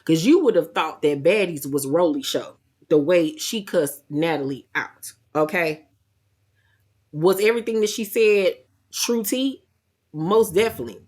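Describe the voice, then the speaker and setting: Woman host, sassy and blunt, low-ish voice, casual show-recap commentary. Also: expressive, a little slow, darkish tone, slightly rough.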